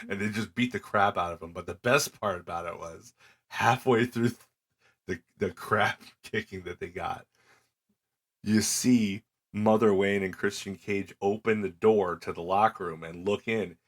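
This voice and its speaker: The middle-aged podcast co-host has a voice that sits low and a measured pace. Recapping matches in casual talk, he narrates animatedly and acts out the wrestlers' dialogue.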